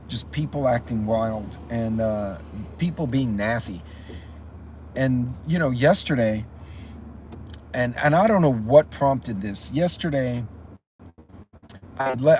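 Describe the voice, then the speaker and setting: A man hosting a casual live stream, telling a rambling story and greeting chat viewers by name. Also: mid-range voice. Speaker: channel host. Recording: loud traffic and street noise. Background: loud outdoor street and traffic noise.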